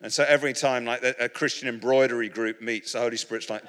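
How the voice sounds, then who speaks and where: A man's voice: medium pitch, steady tone, fast, fairly bright tone. A British man preaching in a humorous storytelling style, rambling and self-mocking with many restarts, to an audience in a large hall. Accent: British English. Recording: reverberant hall.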